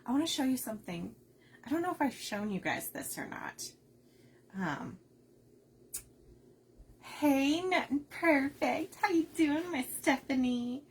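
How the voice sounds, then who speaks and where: A woman hosting a casual crafting live stream, talking softly and keeping her voice down while unwell with a migraine, chatting to viewers as she goes. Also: sits high, expressive, unhurried, long pauses, slight background noise. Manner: soft-spoken, keeps her voice down, chatty asides to viewers.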